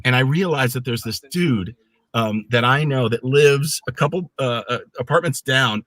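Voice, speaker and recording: Speaking at a normal pace in a mid-range voice, this middle-aged guest on a relaxed live stream recounts anecdotes with animation. He performs the voices in his stories, and the recording carries no room sound.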